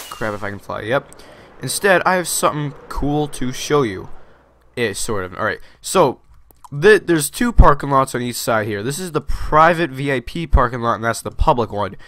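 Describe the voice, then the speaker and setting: A man's voice: mid-range voice, a bit bright, no room sound. Rambling man with a dry sound. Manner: rambling, lots of fillers and restarts. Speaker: Minecraft video host. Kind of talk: casual gameplay commentary.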